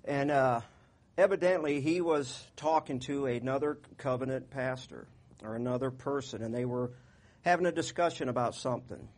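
A man preaching a sermon in a folksy, conversational way, getting louder when he reads scripture. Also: mid-range voice, normal speed. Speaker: pastor.

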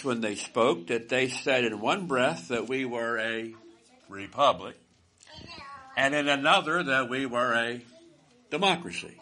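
A man giving political commentary, reading quotations aloud and picking them apart with deliberate, pointed emphasis. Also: medium pitch, sharp tone. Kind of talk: commentary reading and critiquing quotes.

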